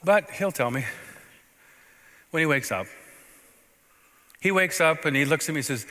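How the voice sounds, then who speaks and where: Preaching a story-driven sermon, a male pastor uses a bright, forceful, fairly high voice that is expressive, moving at a moderate pace with frequent pauses. His conversational delivery alternates loud outbursts with near-whispered asides, all carried by the long reverb of a church sanctuary.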